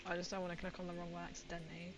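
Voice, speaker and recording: A woman's voice: lowish voice, completely flat delivery, racing, music in the background, poor audio. A woman streamer chatting casually and rambling as she plays a game, laughing often and reading out viewer comments. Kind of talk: casual livestream chat while gaming.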